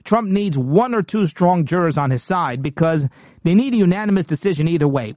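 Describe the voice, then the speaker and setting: A man's voice: on the high side, a little mellow, dry recording, studio quality. A man hosting a political commentary show, talking in an emphatic, combative monologue with frequent repeats and restarts.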